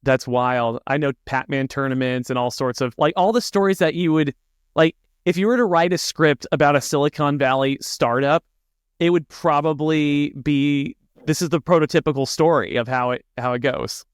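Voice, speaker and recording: Smooth-voiced man enthusiastically co-hosting. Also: on the high side, normal speed, no echo, clean studio sound. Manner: enthusiastic, often laughing. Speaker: podcast co-host. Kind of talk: casual conversation.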